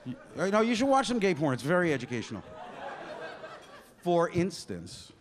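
A man's voice: high voice, huge pitch swings, normal speed. Crude, loose-talking stand-up comic man. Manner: loose, crude, conversational crowd work. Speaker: stand-up comedian and host. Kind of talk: stand-up comedy. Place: comedy club stage.

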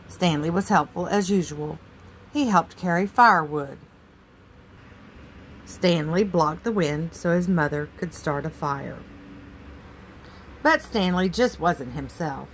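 A woman reading a children's picture book aloud in a gentle, expressive way. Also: low-pitched, a little hiss or hum, low-quality recording. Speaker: storybook reader.

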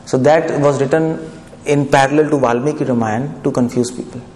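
A man's voice: medium pitch, steady tone, normal speed, darkish tone. A man giving a devotional lecture, chatty and often asking the audience questions. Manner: conversational, asks the audience questions. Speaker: preacher. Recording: echoey hall, faint background noise.

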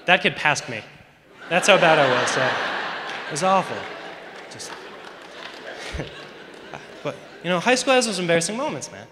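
A man's voice: fairly high pitch, very animated, unhurried, long pauses, background noise. A teenage boy doing rambling, self-mocking stand-up comedy on a school talent show stage. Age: teens. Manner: rambling, self-mocking, lots of "you know". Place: large school auditorium stage. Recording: echoey hall.

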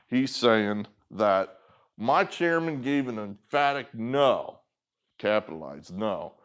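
A middle-aged man talking through his political commentary in a rambling, sarcastic way, with many fillers and restarts. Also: mid-range voice. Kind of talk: casual commentary video.

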